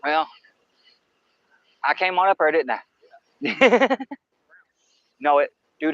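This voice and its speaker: Hosting a fishing livestream at night on a riverbank beside woods, a man rambles folksily to his viewers in very slow, sing-song speech with long pauses. His voice is on the high side, creaky, and fairly bright; the camera-mounted mic near the water gives a recording with no echo and cut-off highs.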